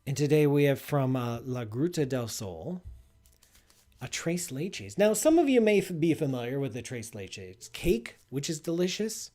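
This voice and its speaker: An astrophysicist hosting a live call-in space show chats loosely in a casual live stream, full of "like" and restarts, as he tastes food with playful enthusiasm. His mid-range voice is dark in tone, very animated, and unhurried.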